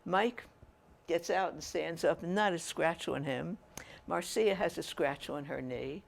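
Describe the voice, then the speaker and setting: An older woman telling personal stories to an audience in a chatty, animated way. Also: on the low side, a little slow, gravelly. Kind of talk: storytelling talk.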